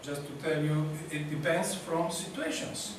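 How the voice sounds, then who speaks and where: A man with a slightly high voice gives a halting, filler-heavy lecture. He is recorded from a distance in a very echoey hall, and steady noise runs underneath him. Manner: halting, searching for words, many fillers. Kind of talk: public lecture.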